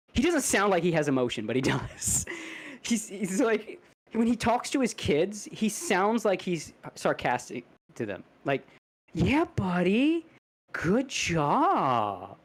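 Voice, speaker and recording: Man, podcast co-host, casual storytelling, lively swinging pitch, laughs and swears, stammers. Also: measured pace.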